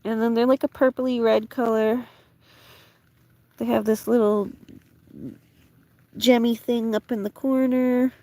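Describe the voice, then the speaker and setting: Gravelly-voiced American woman vlogging from a tent. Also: little pitch movement, unhurried, long pauses, mellow, dry recording. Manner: rambling, lots of "like" fillers; high baby talk to her dog. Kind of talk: casual chat to camera. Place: tent at a campsite at night.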